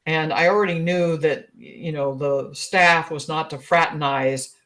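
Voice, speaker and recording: A woman's voice: sits low, a little slow. Chatty older woman telling her story. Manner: chatty and animated, laughs often, many fillers. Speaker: guest, relationship expert. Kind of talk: casual storytelling in an interview.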